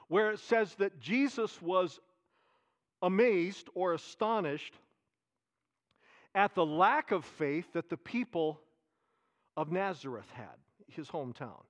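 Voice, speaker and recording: A man delivers a sermon in a fairly high voice. He preaches with animation, repeating his key phrases for emphasis. He swings between raised emphasis and quiet, hushed asides. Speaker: pastor.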